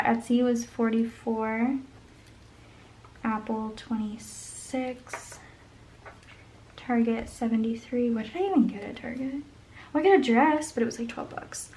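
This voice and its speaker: Planning her budget at home, this budget vlogger chats casually in a slightly high voice, reasoning aloud and occasionally murmuring figures under her breath. The recording is rough, with a faint hiss beneath it.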